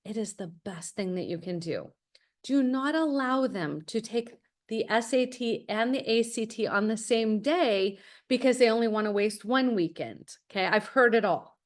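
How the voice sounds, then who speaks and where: A woman's voice: a little high, moderate pace. A middle-aged woman, a college admissions consultant, talking to parents in a masterclass, direct and full of stories. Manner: direct, anecdotal, acts out quotes. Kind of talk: webinar masterclass talk.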